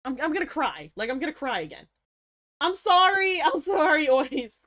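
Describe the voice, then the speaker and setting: A woman's voice: high-pitched, sing-song, a little fast. A young woman livestreamer chatting casually with her viewers, swearing freely, laughing often and playing up mock outrage. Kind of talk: casual stream chat.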